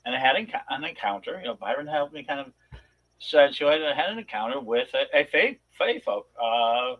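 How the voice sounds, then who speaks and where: A man on a talk show telling a long personal story in a rambling, animated way, with many restarts. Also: mid-range voice, normal speed, narrow, tinny audio. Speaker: podcast co-host. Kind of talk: casual storytelling chat.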